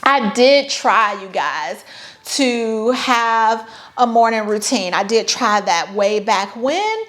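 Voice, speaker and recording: A woman's voice: a little high, takes it slowly, a bit bright. A woman in her thirties talking casually to her viewers as a vlogger, chatty and playful with sarcastic asides. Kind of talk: casual talk to camera.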